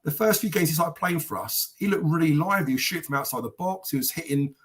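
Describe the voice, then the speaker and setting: This live podcast host has a fairly high voice and talks fast and animatedly. He keeps the chat casual, rambling and cursing while reading viewer comments.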